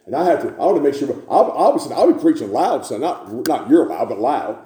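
A man preaching a sermon in a church, building to repeated shouted refrains. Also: mid-range voice, sing-song, fairly quick, reverberant, slight background noise.

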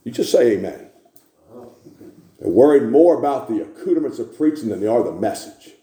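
A man preaching a sermon in a church, building to repeated shouted refrains. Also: medium pitch, animated, normal speed, reverberant.

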